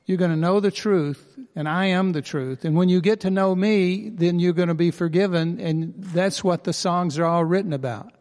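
Pastor guy preaching, earnest and emphatic, slightly high voice, big echoey church hall. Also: normal speed, hardly any pauses, darkish tone. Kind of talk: sermon.

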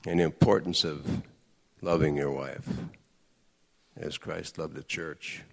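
A middle-aged man telling personal stories in an earnest, conversational sermon to a group of men, with lively outbursts. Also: extremely low pitch, slow pace, creaky, slightly rough. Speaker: speaker addressing men. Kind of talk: sermon-style personal storytelling. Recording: echoey hall with long reverb.

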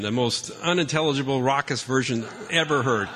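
A man's voice: medium pitch, moderate pace, pushed and bright. A man telling funny family stories to an audience, chatty and self-mocking, often restarting his sentences. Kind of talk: personal storytelling talk. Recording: long reverb from a large hall.

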